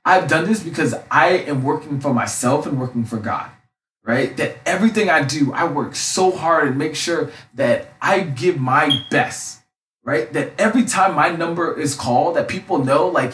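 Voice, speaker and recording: A young man who coaches, talking loudly and passionately in a casual monologue, often tagging his sentences with a question. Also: medium pitch, moderate pace. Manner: loud and passionate; frequent tag questions. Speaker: life coach. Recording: roomy, mic at a distance.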